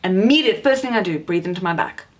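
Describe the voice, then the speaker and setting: A woman with a lowish voice gives a vocal coaching lesson straight to camera. She speaks with emphasis and encouragement and stresses her key points. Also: lively intonation, quick pace. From South Africa. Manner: emphatic, encouraging, demonstrates shouting.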